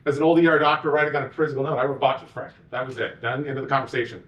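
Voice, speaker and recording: A man, a physician executive, giving a conference talk with animated, sarcastic asides. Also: medium pitch, racing, recorded from a distance, muffled recording.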